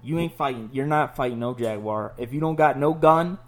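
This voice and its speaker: A man hosting a casual podcast, talking in a loose, profane, animated way as he tells stories. His New is clear, and his pitch sits at an ordinary middle level. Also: brisk. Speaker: podcast host. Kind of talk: casual chat.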